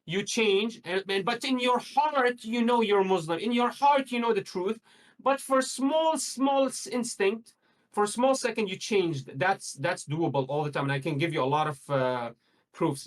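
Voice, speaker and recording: A man's voice: high-pitched, poor audio. Insistent man arguing with rising bursts. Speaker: guest. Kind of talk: heated debate on religion and morality.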